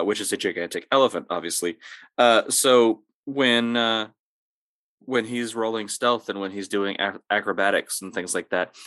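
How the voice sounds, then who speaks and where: A man's voice: fairly low pitch, dry recording, studio quality. A man who runs tabletop games, chatting casually on a podcast and giving advice, rambling along with lots of fillers. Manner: relaxed, rambling with many fillers. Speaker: game master.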